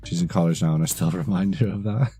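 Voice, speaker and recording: Rambling deep-voiced man streaming. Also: fast, dark tone, breathy edge, faint music behind. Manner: rambling, swears casually. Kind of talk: casual live-stream chat.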